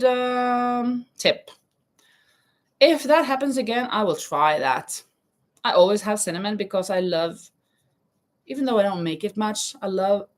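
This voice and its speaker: A woman hosting a casual live stream, chatting while she crochets, reading viewer comments aloud and laughing often. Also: medium pitch. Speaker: livestream host. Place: home in Spain.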